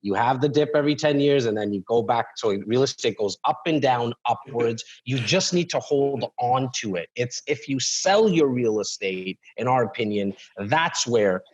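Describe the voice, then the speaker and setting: A man's voice: medium pitch, animated, moderate pace, hardly any pauses, highs cut off. A man co-hosting a real estate livestream, talking with many restarts and repeated words. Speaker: co-host of a real estate web show. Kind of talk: livestream talk show.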